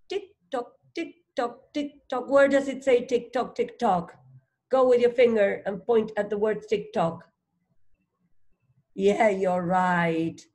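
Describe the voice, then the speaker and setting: Very slow, patient woman teaching phonics. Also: medium pitch. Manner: patient, sounds out letters one by one and prompts the child; gently encouraging. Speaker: reading teacher. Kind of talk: phonics read-along lesson for a child.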